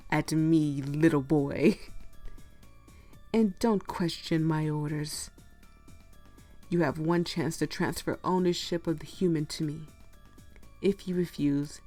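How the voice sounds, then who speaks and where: A woman voicing a domineering male boss who gives cold orders, with a hoarse, fading voice. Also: on the high side, mellow.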